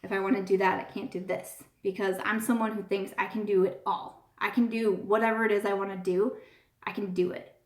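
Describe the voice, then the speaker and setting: A woman's voice: mid-range voice, flat delivery, brisk. A woman hosting a casual live-stream chat, talking in a gushing, earnest way and often repeating herself. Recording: roomy echo.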